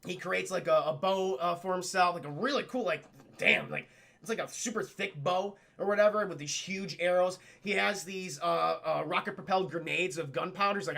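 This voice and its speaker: High bright-voiced man recapping a film. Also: normal speed, vocal fry. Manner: animated, profane, often addresses chat. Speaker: streamer and film reviewer. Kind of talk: casual livestream film recap.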